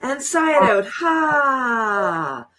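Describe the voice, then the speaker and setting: A woman's voice: mid-range voice, animated, normal speed, slight background noise. A woman teaching laughter yoga as an interview guest, bubbly and laughing often as she coaches viewers through a demo over a video call. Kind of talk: guided laughter exercise demo.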